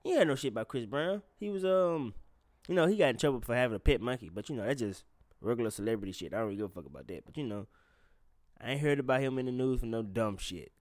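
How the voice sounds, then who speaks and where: A man's voice: mid-range voice, lively intonation, fast talker, darkish tone, no room sound, clean studio sound. Blunt, profane male podcast host. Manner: blunt and profane, talks straight to listeners. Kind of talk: casual podcast chat.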